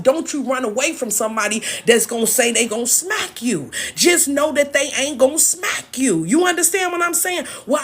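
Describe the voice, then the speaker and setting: A woman's voice: on the high side, husky. A woman hosting a live stream, talking earnestly and emotionally, preaching and repeating herself as she speaks to her viewers. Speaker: TikTok live host sharing a spiritual message. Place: at home, moving around indoors. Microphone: phone.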